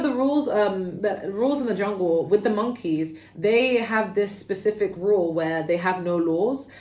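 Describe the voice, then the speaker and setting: Chatty London woman reading tarot. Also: mid-range voice. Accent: London English. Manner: chatty, animated, peppered with "okay?" and "like". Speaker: tarot reader. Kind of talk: casual pick-a-card tarot reading. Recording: roomy echo.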